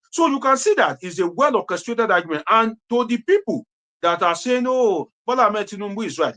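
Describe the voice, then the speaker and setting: A man's voice: on the high side, sharp tone. A Nigerian man giving impassioned political commentary, preachy and repetitive, slipping into Pidgin phrases. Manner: preachy, repeats phrases for emphasis, mixes in Pidgin.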